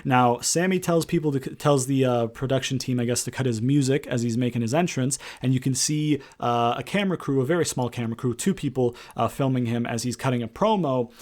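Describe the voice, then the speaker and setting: A man's voice: medium pitch, a little fast, hardly any pauses, darkish tone. Male reviewer, mid-range voice, loose chatty recap delivery, lots of filler words. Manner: rambling, many fillers and restarts. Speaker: wrestling show reviewer. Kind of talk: casual recap commentary.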